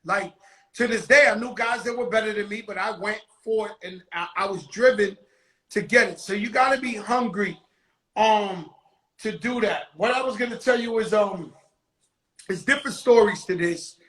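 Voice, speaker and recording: Bright-voiced New rapper host. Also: male voice, high-pitched, moderate pace. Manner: loose and emphatic, with repeated words and swearing. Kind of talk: casual interview chat.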